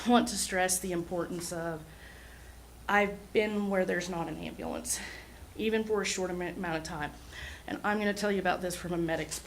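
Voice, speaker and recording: In a lowish voice, a woman from Oklahoma who runs an ambulance service addresses a city meeting at city hall, speaking earnestly though a little nervously. The recording is low quality and carries slight background noise.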